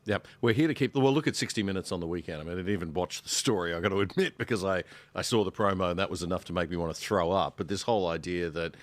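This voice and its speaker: A man's voice: deep voice, very fast, few pauses, no room sound. A man joining a podcast panel as a guest, speaking earnestly and passionately and building to indignation. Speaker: guest panelist, show host. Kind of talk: panel discussion.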